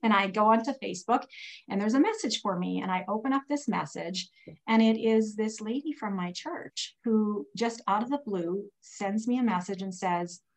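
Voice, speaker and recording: Woman guest, personal testimony, chatty and animated, stumbles and restarts, mid-pitched voice. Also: moderate pace, low-quality recording. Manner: animated retelling with frequent restarts and "like". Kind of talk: casual personal storytelling.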